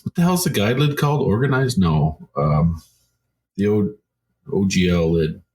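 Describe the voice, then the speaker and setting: A man's voice: deep voice, lively intonation, a little slow, a little mellow. A Canadian man co-hosting a podcast, talking in a laid-back, casual way and swearing now and then. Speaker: podcast co-host. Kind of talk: casual chat.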